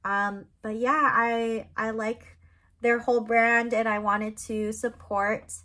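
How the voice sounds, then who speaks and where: A woman's voice: fairly high pitch, level tone, slow pace, bright, forceful tone. A young woman talking casually in her own vlog, chatty and upbeat, with lots of fillers. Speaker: vlogger and crochet seller.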